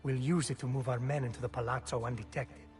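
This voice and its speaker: A man's voice: mid-range voice, fairly even intonation, fast, a little mellow, soft background music, natural voice. An actor playing a businesslike male thief lieutenant who briefs the hero on a plan in a game cutscene. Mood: briefing. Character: male Venetian thief lieutenant, brisk planner. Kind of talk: video game cutscene dialogue.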